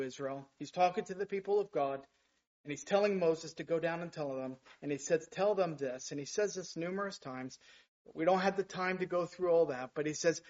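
A man's voice: on the high side, normal speed, highs cut off. A man preaching a sermon, building to emphatic, rising bursts as he reads scripture. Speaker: pastor.

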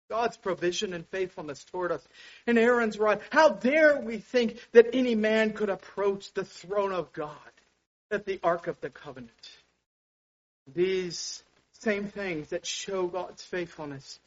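A man preaching a sermon with passion, dropping to a hush and then rising to loud exclamations. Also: high-pitched, lively intonation, unhurried. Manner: impassioned, swings from hushed to loud exclamations. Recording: dull lo-fi sound.

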